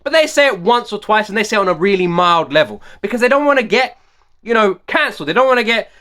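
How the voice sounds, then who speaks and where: A man's voice: sits high, lively intonation, quick pace, sharp tone. A man commenting on a song in a reaction video, emphatic and repeating his rhetorical questions. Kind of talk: excited music reaction commentary.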